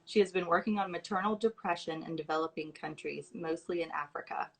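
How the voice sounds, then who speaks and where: A woman's voice: fairly low pitch, brisk, creaky, fairly bright tone, slightly rough, rough recording. A woman hosting a livestream at home, reading out scholarship nominations in an informal way with asides, fillers and restarts. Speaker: host announcing scholarship recipients. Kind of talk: casual livestream talk.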